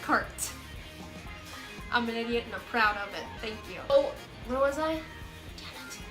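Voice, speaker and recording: A young woman telling a storytime vlog in an animated, excitable, self-mocking way. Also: fairly high pitch, a little slow, reverberant, over music. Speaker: vlogger.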